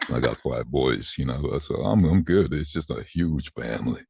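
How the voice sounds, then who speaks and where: A man in his sixties with a deep voice, telling stories in a casual interview and acting out the voices of people he quotes. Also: moderate pace, creaky, breathy edge, no echo. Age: 60s. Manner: animated, acts out quoted voices. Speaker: voice actor guest.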